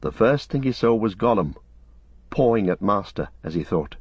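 Husky low-voiced male audiobook narrator. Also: animated, no echo, lo-fi sound. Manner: measured storytelling.

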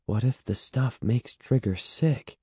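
A man reading aloud and voicing a young boy who talks softly to his dog and yells when alarmed in a storybook. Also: medium pitch, takes it slowly, husky, no echo, studio quality. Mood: worried. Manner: soft and gentle at rest, yelling when alarmed.

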